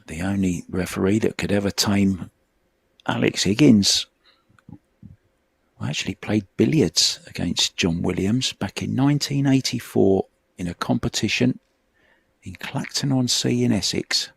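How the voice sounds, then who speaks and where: A man's voice: lowish voice, unhurried, creaky, husky, no echo. A middle-aged man, commentating on a pool match in a chatty, reminiscing way. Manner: chatty, reminiscing between shots.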